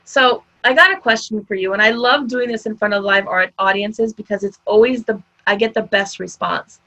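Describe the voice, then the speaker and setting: A woman's voice: mid-range voice, moderate pace, pushed and bright, dull audio. A woman giving a conversational motivational talk, speaking directly to her audience in an upbeat way. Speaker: summit speaker.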